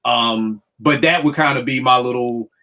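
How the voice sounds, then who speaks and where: A man's voice: mid-range voice, normal speed, bright, forceful tone. A man hosting a casual podcast discussion, talking in a loose, chatty way. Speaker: podcast host. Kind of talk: casual chat.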